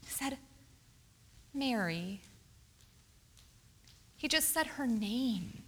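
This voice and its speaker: A woman preaching a sermon, reading scripture aloud and asking the congregation questions in an expressive way. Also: a little high, measured pace. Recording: reverberant hall.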